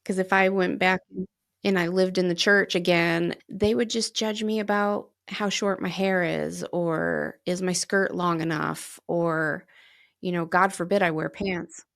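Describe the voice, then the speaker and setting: A woman co-hosts a casual podcast conversation. Her voice sits fairly low with a gravelly, fry-textured edge, and she tells her stories in an animated way, often slipping into the voices of the people she quotes. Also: a little slow. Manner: animated storyteller who acts out quoted dialogue and laughs often. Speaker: podcast co-host.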